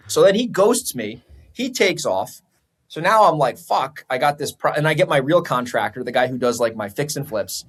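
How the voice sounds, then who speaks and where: A man, a real estate investor guesting on a podcast, telling a story in a casual, profane, animated way. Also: a little high, moderate pace.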